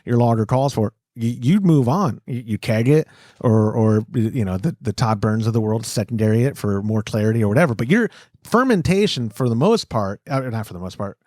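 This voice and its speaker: Lively, animated male podcast host. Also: mid-range voice, fairly quick, no room sound, clean studio sound. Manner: animated, restarts sentences often, laughs easily. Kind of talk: casual podcast chat.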